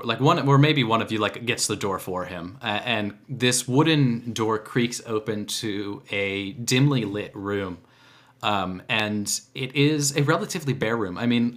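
A man narrating as game master in a casual, halting way, full of filler words. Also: medium pitch, fairly bright tone.

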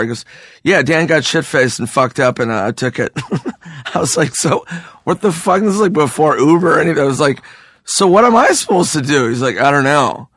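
A man's voice: medium pitch, fairly bright tone, no room sound, clean studio sound. A comedian guest, a man who is hungover, telling profane anecdotes casually and laughing through them on a podcast.

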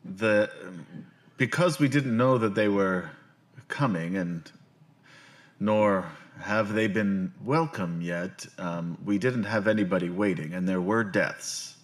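A man's voice: fairly low pitch, slow. A man narrating a tabletop game as game master, rambling with lots of fillers. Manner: rambling, full of fillers, upbeat sign-offs.

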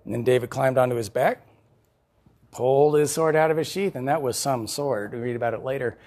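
A male pastor preaching a sermon, telling the story in an animated way with chuckles. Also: mid-range voice, a little fast.

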